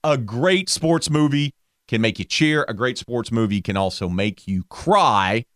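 A middle-aged man co-hosting a casual sports talk show, ranting with animated jumps up in pitch for emphasis. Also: measured pace, no echo, clean studio sound. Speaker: co-host.

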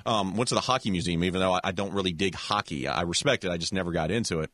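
A man telling a long childhood story in a relaxed, casual chat, full of restarts and little voices for other people. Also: low-pitched, very fast, dry recording, studio quality. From American South. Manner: animated storyteller with many restarts, acts out voices.

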